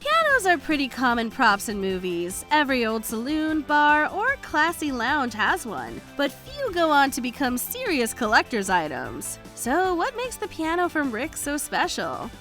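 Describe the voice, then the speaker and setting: Female countdown narrator, bright high voice with lots of movement. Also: huge pitch swings, measured pace, few pauses, soft background music. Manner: upbeat, emphatic voice-over. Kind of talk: scripted narration.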